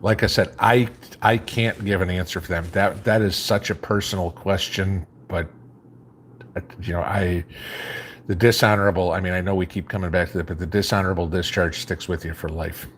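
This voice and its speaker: Man, very low voice, faint Chicago accent, live stream host, reads out and answers chat, rambling casual talk, faint background hum. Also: moderate pace. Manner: reads viewer comments aloud and answers in a relaxed, rambling way.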